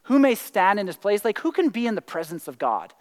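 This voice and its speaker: A man preaching a sermon in a conversational way, full of "like" and "right?", now and then breaking into excited whoops. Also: high-pitched, fairly quick, big-room sound. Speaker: pastor.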